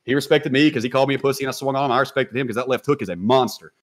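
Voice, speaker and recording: A man telling a story as a podcast guest in a casual, animated way, swearing freely and talking in slang. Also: medium pitch, very fast.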